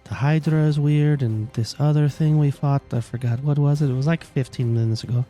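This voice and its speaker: A man's voice: a little high, fairly even intonation, fairly quick, warm tone, soft background music. A man playing in a tabletop game, chatting loosely and joking. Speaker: player. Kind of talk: casual tabletop chat.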